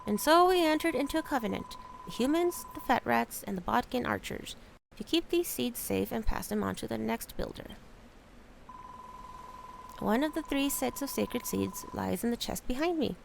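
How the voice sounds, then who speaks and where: A woman voicing a big, fat, solemn old male rat elder in a video game, telling old lore slowly. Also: on the high side, expressive, creaky, a little hiss or hum. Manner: slow, solemn storytelling.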